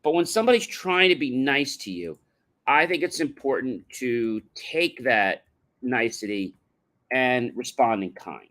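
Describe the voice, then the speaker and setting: A man's voice: medium pitch, lively intonation, unhurried, fairly bright tone. Emphatic man giving a motivational talk. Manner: emphatic, addresses audience directly; repeats catchphrases in a chant. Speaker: motivational speaker.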